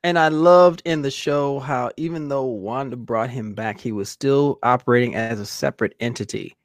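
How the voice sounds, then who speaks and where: A man's voice: mid-range voice, normal speed, no echo, clean studio sound. A man talking as a guest on a casual podcast chat, laid-back, swearing freely and rambling on about comics.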